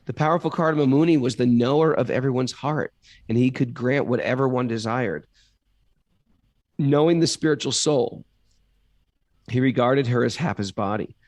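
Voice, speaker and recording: A man's voice: mid-range voice, normal speed, long pauses, a little mellow, no echo. A man reading scripture aloud as a podcast co-host, stopping now and then to ask puzzled questions about the text. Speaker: reader and co-host.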